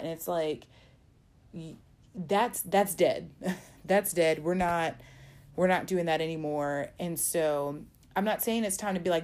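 A woman's voice: lowish voice, normal speed, darkish tone. A young adult woman hosting a casual faith podcast, talking in a chatty, encouraging way with lots of fillers and some playful scolding. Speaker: podcast host.

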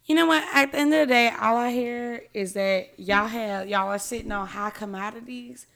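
A woman with a fairly high, bright voice and a gravelly edge, teasing her friends bluntly. She keeps circling back to the same jokes in a loose group chat. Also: normal speed.

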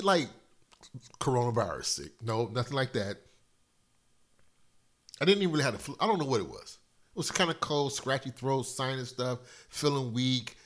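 Middle-aged male host, casual rambling monologue, a bit stuffy from a cold, medium-pitched voice. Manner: loose, profane, rambling storyteller with big swings in loudness. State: slightly congested from a cold. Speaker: podcast host. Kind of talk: casual solo podcast monologue.

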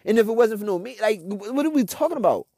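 Young Philly guy as podcast host, venting in an exasperated rant, high-pitched and dry. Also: animated, quick pace, dark tone, no echo. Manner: frustrated, ranting, heavy cursing. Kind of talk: casual monologue.

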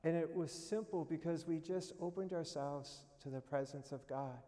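A man giving a homily as a priest, gentle, unhurried and prayerful. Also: fairly high pitch. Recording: long reverb of a large hall.

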